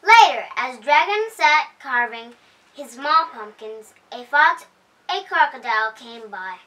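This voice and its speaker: A woman hosting a storytime, reading a children's picture book aloud at home in a cheerful, unhurried way. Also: high voice, lively intonation, sharp tone. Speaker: storytime host. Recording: voice heard from a distance.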